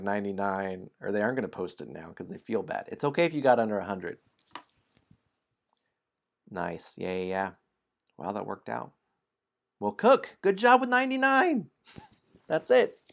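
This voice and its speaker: Animated man hosting a game stream. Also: lowish voice, creaky. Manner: playful, apologetic, laughs often. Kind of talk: casual stream chat and storybook narration.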